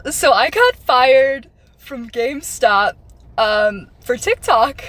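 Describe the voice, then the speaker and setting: A woman telling a casual story about her retail job, giggly and animated, acting out the voices of others. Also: high-pitched, slow pace, no room sound.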